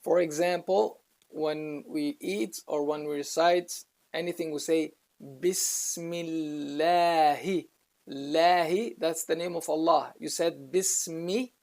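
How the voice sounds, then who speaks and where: Gravelly-voiced man teaching Quran reading. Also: on the high side, steady tone, a little mellow. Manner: patient, explains slowly, recites Arabic words between explanations. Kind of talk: step-by-step recitation lesson.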